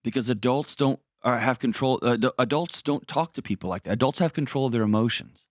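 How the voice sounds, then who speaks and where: A man's voice: mid-range voice, fairly quick, dry recording, studio quality. A man hosting a call-in advice show, talking directly and earnestly to a caller. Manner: earnest, direct coaching with emphatic repetition. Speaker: radio show host giving life advice. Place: studio. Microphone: close studio mic.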